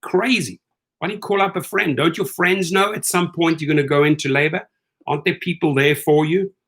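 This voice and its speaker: A middle-aged man hosting rideshare commentary speaks fairly quickly in a voice on the high side. His casual rant is animated and incredulous, and he acts out the lines of people he quotes.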